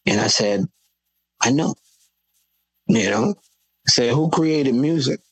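Animated storytelling man. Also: medium pitch, slow, slightly rough, no echo, poor audio. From Florida. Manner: animated storytelling, acting out quoted voices. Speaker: guest, Christian hip hop artist. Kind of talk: casual podcast conversation.

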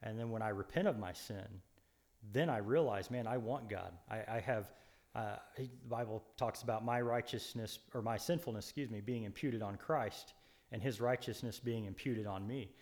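A man's voice: lowish voice, moderate pace, a little mellow. A man co-hosting a Bible study, explaining scripture in an earnest, preacherly way with frequent restarts and emphatic stresses. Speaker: co-host Bible teacher.

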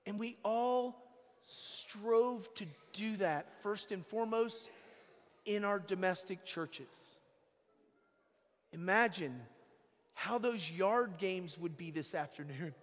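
Male priest, sermon, very high voice, emphatic, repeats phrases, church echo. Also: slow pace. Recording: long echo of a church hall.

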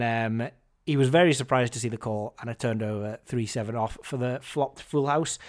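A man hosting a podcast, telling a story in a casual, animated, wry and self-mocking way. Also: mid-range voice. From Scotland. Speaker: podcast host.

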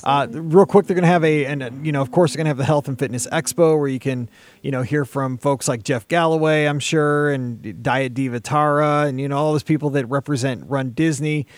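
A man's voice: fairly high pitch, steady tone, a little fast, no room sound. A man co-hosting a podcast in casual chat, rambling with many restarts. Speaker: podcast co-host.

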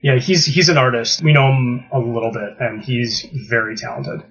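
A man's voice: medium pitch, moderate pace, fairly bright tone, a little hiss or hum. A man in casual chat, recapping a live-action game with enthusiasm. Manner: enthusiastic, gushing. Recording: dull lo-fi recording.

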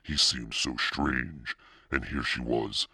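A man narrating a spooky children's storybook in a steady, suspenseful reading. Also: very deep voice, takes it slowly, slightly rough, no echo, clean studio sound. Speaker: audiobook narrator.

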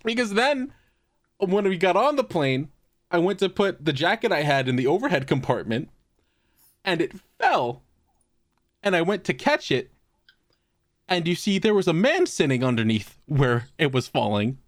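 Animated podcast storyteller man, dry mic. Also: a little high, moderate pace, pauses often, no echo. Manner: animated storyteller, swears, laughs often. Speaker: podcast co-host. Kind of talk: casual storytelling chat.

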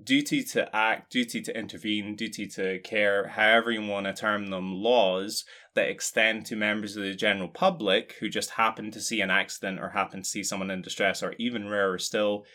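A man's voice: on the low side, steady tone, brisk, hardly any pauses, sharp tone. A man co-hosting a casual discussion, explaining points in a wry, joking way. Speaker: podcast co-host.

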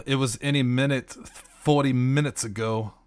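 A man's voice: mid-range voice, steady tone, a little slow, a little mellow, clear, resonant tone, no echo, natural voice. A man playing a vain, exasperated male magician who talks in a whiny, self-important way.

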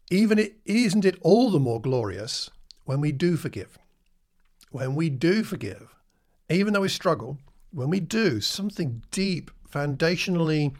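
A man teaching a Bible class in a relaxed, conversational way, with a voice pitched a little above the usual male range. He keeps asking his listeners questions and briefly acts out the lines he quotes.

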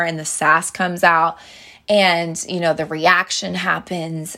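A woman's voice: fairly low pitch, fairly even intonation, a little slow, a bit bright. Chatty young woman giving dating advice. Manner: chatty storytelling with many fillers and restarts; earnest, addresses listeners directly as girls. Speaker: dating advice podcast host. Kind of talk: casual advice monologue.

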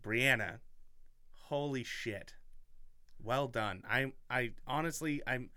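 A man's voice: fairly low pitch, gravelly, pushed and bright, dry recording, clean studio sound. A man hosting a podcast in casual chat, rambling, self-mocking and enthusiastic. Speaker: podcast host.

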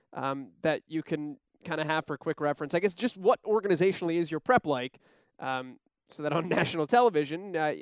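A man's voice: fairly high pitch, clear, resonant tone, no room sound, studio quality. A man hosting an interview, asking long, winding questions with many ums. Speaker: interview host.

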